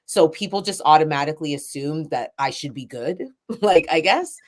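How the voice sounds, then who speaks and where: A woman who writes spoken word poetry and runs poetry events, talking candidly and a little rambling in an interview, with fillers and soft laughs. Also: deep voice, normal speed. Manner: self-described shy. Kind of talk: reflective interview conversation.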